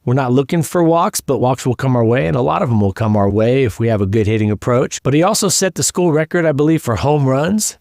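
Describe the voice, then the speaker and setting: A man's voice: mid-range voice, a little mellow, dry recording, studio quality. A man hosting a solo baseball podcast, explaining hitting and coaching points with enthusiasm.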